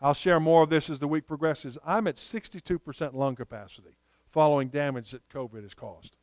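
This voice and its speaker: Telling stories with earnest conviction, this pastor preaches in a smooth, fairly high voice that's a little mellow, slowing to let important points sink in. The sound is close-miked and dry, without any room echo.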